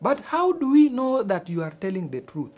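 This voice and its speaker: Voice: mid-range voice, big pitch swings, moderate pace, a little mellow. A performer playing a blunt, skeptical student. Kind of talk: TV sitcom acting.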